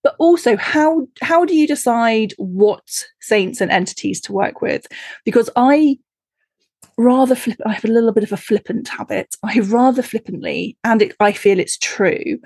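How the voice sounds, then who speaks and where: A woman podcast host with a husky, breathy voice talks close and dry. She is chatty and animated, quick to laugh between her questions. Her pitch sits in an ordinary middle range. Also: dry recording. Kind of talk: casual interview chat.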